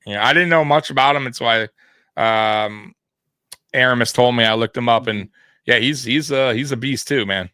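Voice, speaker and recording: A man's voice: medium pitch, moderate pace, sharp tone, smooth, no echo. A middle-aged man from South Florida co-hosting a live sports show in casual, rambling chat with lots of restarts and laughs. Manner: rambling, laughs often, frequent restarts and fillers. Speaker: sports podcast co-host.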